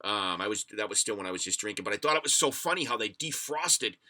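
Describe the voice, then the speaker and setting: A man's voice: on the low side, expressive, fast talker, bright, forceful tone. A man from the United States hosting a livestream podcast, rambling and swearing as he tells stories and reads chat comments. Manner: rambling, profane storyteller reading chat comments.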